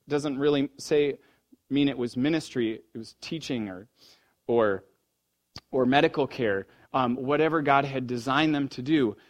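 A man gives a sermon in his role as pastor, narrating a story that alternates between hushed, low-voiced sections and fervent, raised ones.

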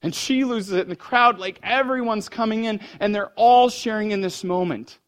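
This pastor's sermon unfolds at an ordinary pace as he tells a story. Sometimes he speaks softly and low, and other times his voice rises with fervor.

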